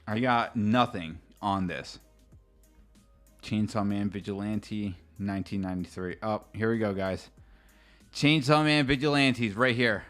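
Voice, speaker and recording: A man's voice: medium pitch, fairly bright tone. A man streaming a casual live reaction, rambling and chatty, swearing freely and talking straight to his chat.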